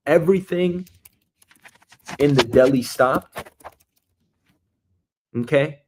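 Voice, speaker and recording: A man's voice: fairly high pitch, lively intonation, slow pace, long pauses, slight background noise. Rambling New man riffing solo. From Queens, New York, US. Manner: meandering, musing, jumps between loud bursts and quiet asides. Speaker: show host. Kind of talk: rambling comic monologue. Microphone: streaming mic.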